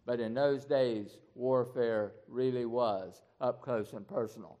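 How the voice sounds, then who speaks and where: A man's voice: medium pitch, steady tone, measured pace, dark tone. A man preaching a storytelling sermon in a folksy way, often repeating words and restarting.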